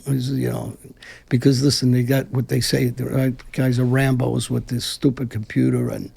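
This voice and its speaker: A man's voice: mid-range voice, level tone, moderate pace, gravelly, dark tone, husky. A man from Brooklyn, speaking bluntly and combatively with frequent profanity as a guest in an interview. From Brooklyn, New York. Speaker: guest, former mafia figure. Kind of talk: casual interview talk.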